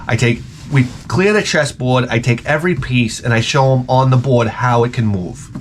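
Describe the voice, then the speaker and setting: A man's voice: mid-range voice, normal speed, slight background noise. A man telling a rambling, profane comic story in a casual rant as a gaming video host. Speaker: retro gaming YouTuber.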